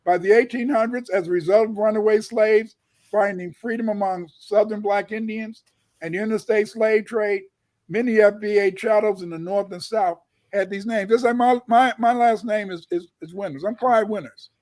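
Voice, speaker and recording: A man with a strikingly high voice delivers a lecture, reading old notices aloud. He restarts and stutters often, repeats his points, and booms out the words he wants to stress. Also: steady tone, normal speed, darkish tone. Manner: booming emphatic bursts on key words, repeats himself.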